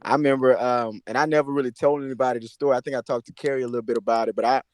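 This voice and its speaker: Young guy hosting a chat podcast, talks super quick, slangy storyteller. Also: mid-range voice, fairly even intonation, no echo. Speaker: podcast host.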